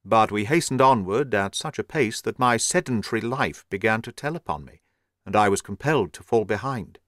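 A man giving a measured, steady narration of an audiobook. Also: fairly low pitch, dry recording, studio quality.

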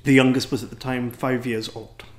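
A man's voice: medium pitch, little pitch movement, moderate pace. A man with an English accent, a priest and teacher, giving a wry, rambling, self-deprecating talk to a gathering. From England.

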